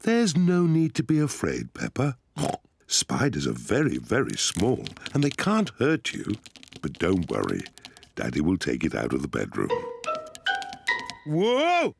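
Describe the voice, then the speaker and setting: A man's voice: low-pitched, wildly swooping pitch, a little slow, creaky, exaggerated voice. A man voicing a cheerful, fatherly grown-up pig in a children's cartoon, who chuckles often and reassures the children. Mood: reassuring. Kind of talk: cartoon voice acting. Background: cartoon music.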